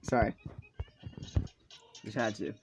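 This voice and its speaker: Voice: slow, a little hiss or hum, low-quality recording. A storyteller improvising a fan-fiction tale in a rambling, casual way, full of fillers and swearing, over faint game music. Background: faint video game music.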